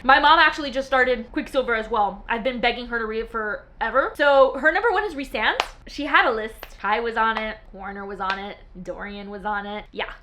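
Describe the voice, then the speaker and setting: Gushing young woman, bright voice. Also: on the high side, fairly quick, few pauses, noisy background. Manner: gushing, dramatic, swoony. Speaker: book vlogger. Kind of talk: casual chat to camera.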